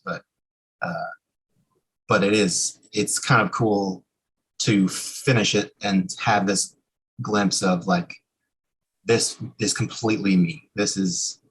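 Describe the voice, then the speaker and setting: A man being interviewed as a guest musician, talking in a relaxed, thoughtful way with many fillers. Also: low-pitched, breathy edge, poor audio. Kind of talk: casual interview talk.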